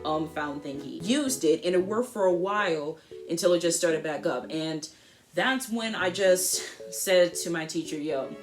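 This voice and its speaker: Animated teenage girl telling a story. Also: fairly low pitch, normal speed, faint music behind. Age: teens. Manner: animated, slangy storytelling with voiced asides. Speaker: vlogger. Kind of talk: storytime vlog.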